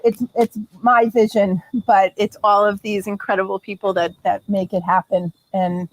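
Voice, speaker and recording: Hoarse effusive woman host. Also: medium pitch, level tone, moderate pace, noisy background. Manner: effusive, laughing, thanking crew by name. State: hoarse from losing her voice. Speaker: founder and event host. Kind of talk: live event thank-you speech.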